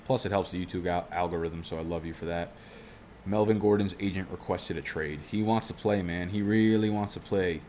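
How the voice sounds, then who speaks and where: A man's voice: deep voice, fairly even intonation, brisk, a little mellow, a little hiss or hum. A young man talking casually to his viewers while drafting a fantasy football team, rambling, swearing freely and drifting off on tangents. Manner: rambling, profane, goes off on tangents.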